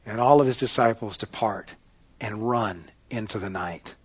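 A man's voice: fairly low pitch, normal speed, slightly rough. Man preaching with dramatic swings. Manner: dramatic storytelling, swings from loud to hushed. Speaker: pastor. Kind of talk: sermon.

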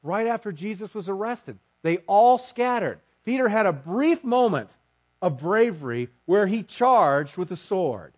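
A male preacher delivers a sermon with a high, bright-sounding pitch that swings widely. He tells the story with drama, swelling loud and dropping soft as he voices the people in it. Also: animated, a little slow. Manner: dramatic storytelling, acting out quotes.

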